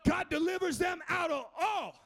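High gravelly shouting preacher man. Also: moderate pace, a little hiss or hum. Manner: fervent, chanting, frequent "uh" and "amen". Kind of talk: shouted sermon.

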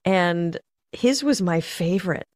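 Woman, 40s, casual rambling chat, lowish voice, dry sound. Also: lively intonation, slow pace, a little mellow, dry recording. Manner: chatty, rambling asides.

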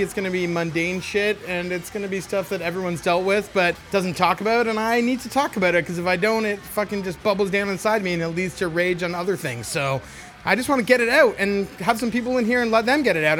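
A man's voice: sits high, a bit bright, a little hiss or hum. A man hosting a comedy podcast, ranting with exasperated, profane outbursts. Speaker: podcast host. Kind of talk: comedic rant.

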